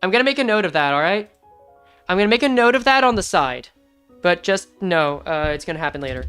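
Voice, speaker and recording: A woman streaming a game, chatting casually with excitable, rambling talk and frequent swearing. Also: on the low side, fairly quick, clean tone, soft background music. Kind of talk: casual live-stream commentary.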